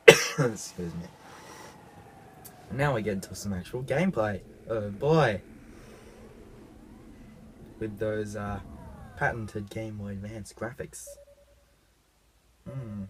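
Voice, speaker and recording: A man with a cough, unwell, giving casual self-deprecating commentary while playing a video game. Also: on the low side. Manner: self-deprecating, apologetic asides. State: sick with a cough. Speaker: let's play host.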